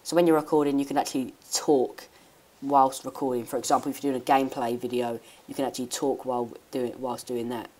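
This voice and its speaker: A woman giving a rambling, hesitant software tutorial with many restarts. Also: a bass voice, fairly even intonation, fast talker. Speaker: tech YouTuber. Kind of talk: screen-recording software tutorial.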